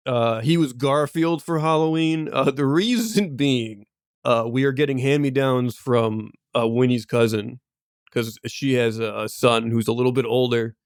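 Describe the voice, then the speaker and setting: A man's voice: medium pitch, measured pace, clean tone, no echo, clean studio sound. A man co-hosting a podcast, telling stories in loose, rambling casual chat full of asides and laughs. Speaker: podcast co-host.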